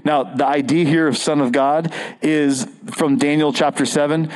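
A man's voice: fairly high pitch, measured pace, low-quality recording. A man preaching an earnest, conversational sermon as a pastor, often restarting his phrases.

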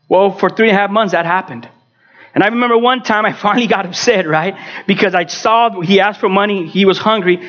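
Guy preaching his testimony, high voice, big swings loud to quiet, kinda muffled lo-fi sound. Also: fairly quick. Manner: dramatic, swings from loud outbursts to hushed tones. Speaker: pastor. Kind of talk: personal testimony sermon.

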